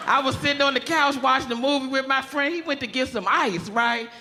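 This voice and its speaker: Brash high-voiced woman doing stand-up. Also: a little fast, long reverb tail. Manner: brash, tells it like it is, laughs at her own jokes. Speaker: stand-up comedian. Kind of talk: stand-up comedy set. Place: comedy club stage. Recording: live club audience and noise. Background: audience laughing.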